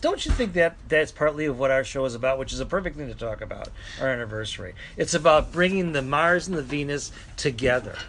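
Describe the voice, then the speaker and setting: A man's voice: medium pitch, animated, quick pace, few pauses, fairly bright tone, slight background noise. A man co-hosting a podcast in casual banter, jokey and playful, sometimes breaking into silly voices. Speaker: podcast co-host.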